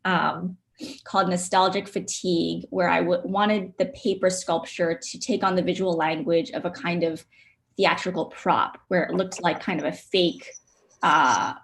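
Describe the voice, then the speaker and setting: A woman artist presenting her work on a video call, soft-spoken and reflective, with frequent ums. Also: on the low side, creaky. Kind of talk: virtual studio visit presentation.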